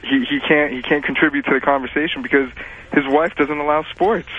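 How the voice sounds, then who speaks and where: Male caller from LA, a little high, thin phone line, stammering and indignant. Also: fairly even intonation, a little fast. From Los Angeles area. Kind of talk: phone-in chat. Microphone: telephone. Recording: tinny phone line on radio.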